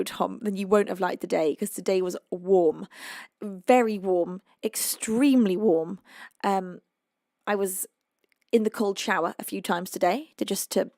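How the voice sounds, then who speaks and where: A young woman from southern England chats casually with her livestream audience from home, reading their messages aloud. Her voice has a gravelly, fry-tinged texture and sits at a middling pitch. The sound is dry and close, with no room echo. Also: darkish tone. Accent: English. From United Kingdom. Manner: chatty and emotional, reading out viewer messages, quick to laugh. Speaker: livestream singer and host. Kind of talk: casual chat with live viewers. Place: home, indoors.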